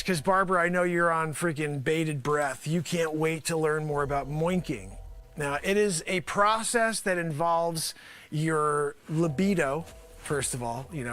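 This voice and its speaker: A man hosting his own show, rambling through a sarcastic, excitable comic sales pitch. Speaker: host. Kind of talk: comedic improvised pitch.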